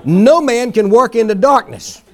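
A man's voice: very high voice, animated, a little slow. A male pastor preaching a sermon in a folksy, emphatic way, mimicking pleading prayers for effect.

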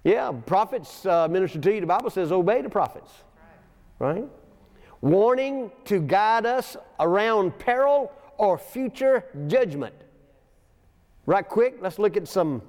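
A long church reverb hangs over this recording of a man preaching in a sanctuary. His voice is high, expressive and darkish, and he speaks a little slowly as he tells folksy stories with chuckling asides and reads aloud from scripture.

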